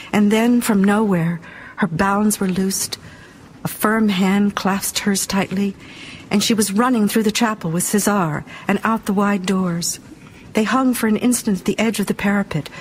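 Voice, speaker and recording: A woman narrating an audiobook in a measured, dramatic reading style. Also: medium pitch, a little hiss or hum.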